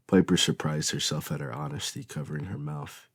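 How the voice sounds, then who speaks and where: Deep husky male audiobook narrator. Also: fairly quick, few pauses, dry recording, clean studio sound. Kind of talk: scripted narration.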